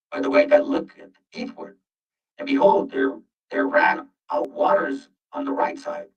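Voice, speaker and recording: A man reading Bible verses aloud and explaining them to his listeners, whom he calls family; his voice runs through an accidental robotic voice-changer filter. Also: vocal fry. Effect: accidental deep robotic voice-changer filter. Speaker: Bible teacher. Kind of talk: informal scripture reading and teaching. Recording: muffled, distant, with faint music.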